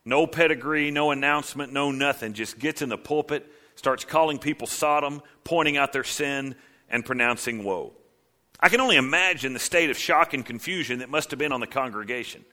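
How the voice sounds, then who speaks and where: A man preaching a sermon with dramatic swings from low, hushed lines to loud cries. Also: a little fast. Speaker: pastor.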